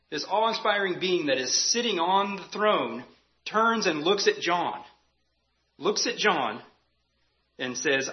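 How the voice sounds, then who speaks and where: A man's voice: fairly high pitch, dull audio. A man preaching a sermon as pastor, earnest and emphatic, repeating key phrases for weight.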